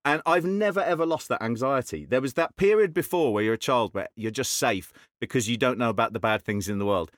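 A man in his forties, a panel guest telling a comic story with halting repetitions. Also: medium pitch, no echo, studio quality.

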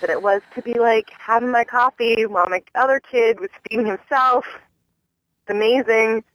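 A woman's voice: moderate pace, fairly bright tone, no echo, dull audio. A young woman from the US East Coast leaving a voicemail, telling an exasperated story about a stranger and her baby. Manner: exasperated, acts out the stranger in a high mocking voice. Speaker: caller leaving a voicemail rant.

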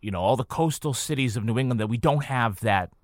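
A man's voice: mid-range voice, fast talker, no room sound, studio quality. A man from western Massachusetts, a podcast guest telling stories in casual conversation. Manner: storytelling, animated when quoting people. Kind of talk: casual chat.

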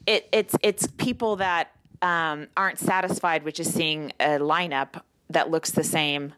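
A woman's voice: low-pitched, fairly even intonation, measured pace, fairly bright tone, no echo, rough recording. A woman co-hosting a podcast in casual chat, telling stories in restarts and asides, out of breath, recorded in a hotel room. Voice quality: rambling, self-interrupting storyteller. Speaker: podcast co-host.

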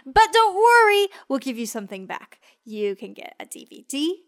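A woman's voice: mid-range voice, normal speed, a little mellow. A woman co-hosting a podcast in a bubbly, playful chat, laughing often. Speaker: podcast co-host.

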